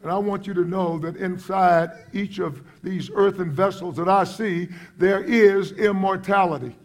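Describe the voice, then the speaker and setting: Middle-aged pastor, high and impassioned, quiet asides breaking into loud exclamations. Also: male voice, steady tone, unhurried. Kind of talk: sermon.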